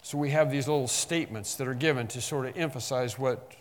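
A man preaching an expository sermon, emphatic, slowing on key phrases and rising in bursts. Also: mid-range voice, long reverb tail. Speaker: pastor.

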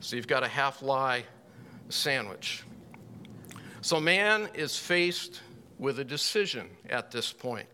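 A man teaching a Bible class in a folksy, unhurried way, with dry little asides. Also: medium pitch, lively intonation, bright, forceful tone, a little hiss or hum.

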